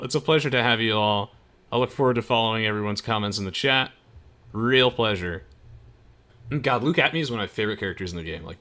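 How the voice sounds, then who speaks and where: A man's voice: medium pitch, fairly bright tone. A man streaming a game, chatting enthusiastically with viewers and laughing often. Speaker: let's play streamer. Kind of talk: casual game commentary.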